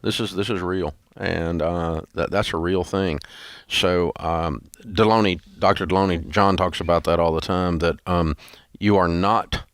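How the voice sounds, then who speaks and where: A man's voice: low-pitched, fairly even intonation, measured pace, dry recording. A man hosting a talk show in a studio, talking in a blunt, folksy, rambling way. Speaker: radio show host. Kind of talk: casual talk show chat.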